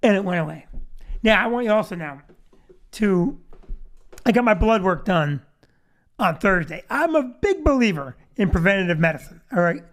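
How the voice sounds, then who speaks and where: A man's voice: sits high, sing-song, normal speed, long pauses. A man in his fifties hosting a podcast, telling a comic story with self-deprecating asides. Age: 50s. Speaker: podcast host. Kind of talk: comedic storytelling monologue.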